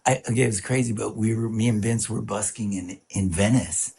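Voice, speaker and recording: Gravelly man telling a story. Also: lowish voice, a little fast. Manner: animated storyteller who breaks into laughter. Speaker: podcast co-host. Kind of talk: casual storytelling chat.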